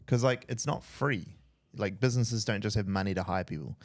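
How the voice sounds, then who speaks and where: A man's voice: on the low side, brisk, no room sound, studio quality. A man hosting a casual podcast, laid-back and sarcastic, swearing now and then. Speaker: podcast host, business owner. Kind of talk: casual chat.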